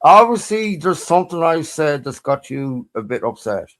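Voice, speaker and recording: A man from the UK runs his livestream with a brash, sweary edge. His voice sits a little high for a man, and he fires off impatient repeated questions. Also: very animated, normal speed, crowd noise. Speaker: streamer. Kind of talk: livestream chat with a caller.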